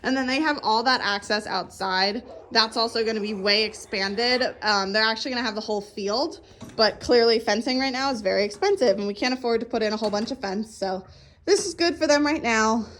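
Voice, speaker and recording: A young woman with a slightly high voice walks through her farm chatting upbeat about her animals. She sounds a bit out of breath, recorded on a handheld phone with faint outdoor noise behind her. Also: brisk, a bit bright. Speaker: farm owner giving a tour. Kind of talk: casual walking tour vlog.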